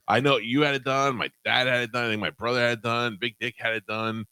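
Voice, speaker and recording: A middle-aged man hosting a morning radio show, joking in rapid, crude banter. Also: mid-range voice, little pitch movement, bright, forceful tone, clear, resonant tone, no echo.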